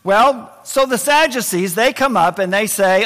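A male pastor preaching a sermon, swinging between loud emphasis and quiet, intense moments. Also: sits high, expressive, a little slow, few pauses, big-room sound.

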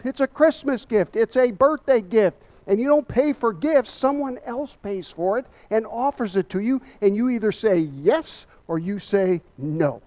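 A man's voice: high-pitched, a little mellow. A man giving a Bible study sermon, emphatic and a little out of breath, often asking his listeners rhetorical questions.

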